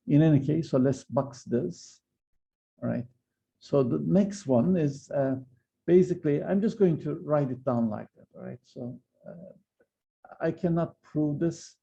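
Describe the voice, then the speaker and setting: Gravelly dark-voiced male lecturer. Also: medium pitch, highs cut off. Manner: hesitant, many fillers and restarts. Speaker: physics lecturer. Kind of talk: university lecture.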